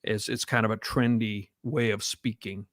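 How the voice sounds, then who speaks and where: A podcast co-host chats casually in a lowish, flat voice at a normal pace, rambling with lots of fillers and restarts. The recording is dry and studio quality.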